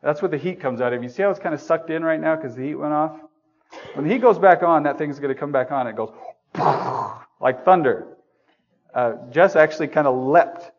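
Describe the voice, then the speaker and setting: A man's voice: a little high, expressive, moderate pace, muffled recording. A man preaching a sermon in a church room, talking conversationally, asking the congregation questions and joking at his own expense. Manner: self-deprecating humor.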